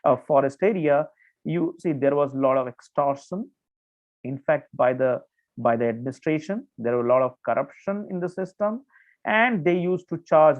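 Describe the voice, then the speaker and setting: A man with an Indian English accent teaching a current affairs class, explaining with many restarts and fillers and checking in with "okay". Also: on the high side. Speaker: exam coaching teacher. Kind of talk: online current affairs lecture. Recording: tinny phone-like audio.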